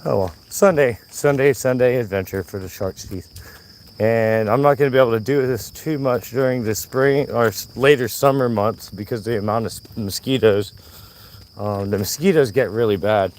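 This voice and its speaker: A man chatting to his viewers on a live vlog while walking a trail, his voice hoarse from yelling. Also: mid-range voice, normal speed. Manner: chatty, talks to himself and viewers. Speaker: vlogger. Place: outdoor nature trail.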